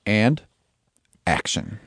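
A man's voice: drawn-out words, a bit bright, dry recording, clean studio sound. A man co-hosting a film podcast in casual chat, with a wry, conversational manner. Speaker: podcast co-host.

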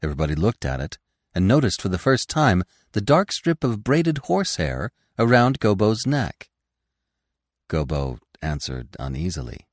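A man narrating a classic animal story in an expressive, deliberate reading. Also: sits low, no room sound, studio quality. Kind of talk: scripted audiobook narration.

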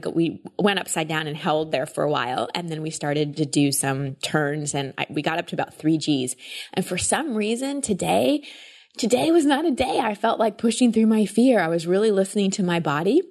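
A woman's voice: on the low side, a little mellow. A woman hosting a podcast, chatting enthusiastically as she tells a personal story and introduces her guest. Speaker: podcast host.

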